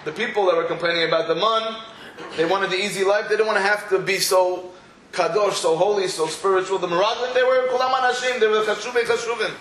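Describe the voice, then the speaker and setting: Brief: high-voiced man teaching a Torah class, lively storytelling, echoey room with faint noise. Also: fast. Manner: animated storytelling with quoted voices. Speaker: rabbi.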